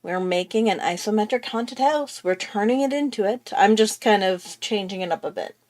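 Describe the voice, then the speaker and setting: A woman hosting a relaxed live drawing lesson, talking her viewers through each step. She rambles in a chatty way, thinking aloud and trailing off as she draws. Her pitch sits in an ordinary middle range. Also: normal speed. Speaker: art tutorial host. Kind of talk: casual live drawing tutorial.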